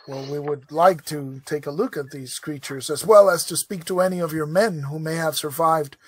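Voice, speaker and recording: A man speaks in character at a tabletop game, stiffly formal and pausing to search for words. His voice sits a little high for a man. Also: husky. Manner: hesitant, formal in-character speech. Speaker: player. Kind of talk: in-character tabletop role-play.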